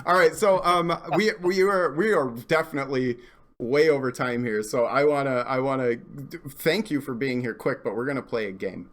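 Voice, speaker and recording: A male podcast host in casual chat, animated and self-deprecating, who laughs often. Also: mid-range voice, normal speed.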